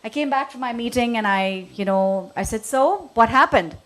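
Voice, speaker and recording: A woman, telling an animated personal story at a workshop, with many "you know" fillers. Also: fairly high pitch, a little fast. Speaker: workshop participant. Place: workshop room.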